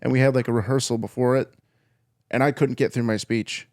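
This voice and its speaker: A young man hosts a podcast and talks over his Army days in a loose, rambling way. He swears often and restarts his sentences. His pitch sits in the middle, and the room sounds dry. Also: fairly even intonation, darkish tone, dry recording. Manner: rambling, profane, halting restarts. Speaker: podcast host, Army veteran. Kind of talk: casual chat.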